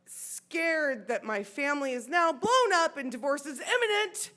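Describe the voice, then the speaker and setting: American woman, 40s, live storyteller; high, bright, slow-paced, animated delivery. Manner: animated, acts out the voices in her story. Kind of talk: live personal storytelling on stage. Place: sports bar stage.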